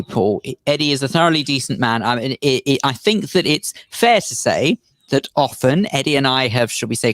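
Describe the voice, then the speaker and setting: A man co-hosts a radio chat show, speaking earnestly and in measured phrases into a studio microphone. His voice sits at a middle pitch, and the sound is dry and close. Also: no room sound. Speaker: radio co-host.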